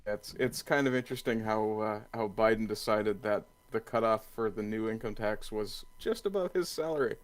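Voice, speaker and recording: Deadpan joking man. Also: fairly low pitch, normal speed, hardly any pauses. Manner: dry, deadpan jokes. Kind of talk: casual political banter on a podcast.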